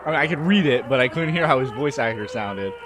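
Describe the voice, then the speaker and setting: A man streaming a game, reacting excitably with swearing and laughter while reading the text aloud. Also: medium pitch, quick pace. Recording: noisy stream audio.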